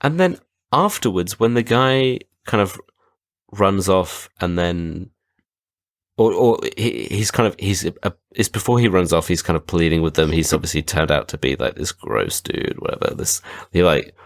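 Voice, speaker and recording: Deep-voiced man chatting casually. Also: lively intonation, moderate pace, dry recording, clean studio sound. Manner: laughing, rambling, many fillers. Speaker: podcast co-host. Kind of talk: casual chat.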